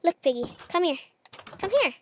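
Her voice is high-pitched and animated, moving at a moderate pace over a faint hiss or hum. This gamer chats her way through a casual Minecraft let's play, a little uncertain, addressing the animals she runs into.

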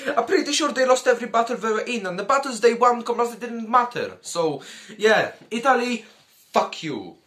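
Brief: high-voiced male YouTuber, profane comedic commentary, addresses viewers as comrades. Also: sharp tone. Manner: crude, profane and joking, calls the audience comrades.

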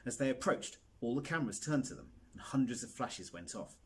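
A man reading a children's novel aloud with animated storytelling. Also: medium pitch, fairly quick, slightly rough. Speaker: reader.

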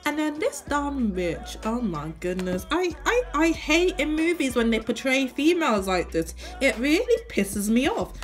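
A young woman chatting casually while doing her makeup, animated and full of swearing. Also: high voice, a little slow, few pauses, soft background music. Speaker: beauty vlogger. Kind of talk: casual get-ready-with-me chat.

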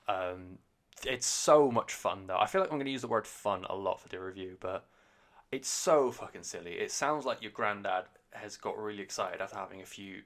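A man's voice: fairly low pitch, fairly bright tone. A man giving a rambling, enthusiastic and sweary casual review of an album on a podcast.

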